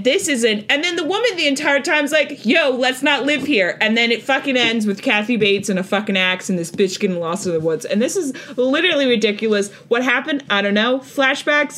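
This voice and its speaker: A woman co-hosting a podcast in casual chat, recapping an episode in a rambling, profane, animated way. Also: on the high side. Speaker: podcast co-host.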